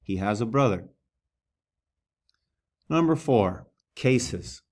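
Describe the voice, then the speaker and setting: In a slow classroom lesson, a male Greek teacher with a medium-pitched, slightly mellow voice stays animated yet patient and methodical. He sounds out words one syllable at a time.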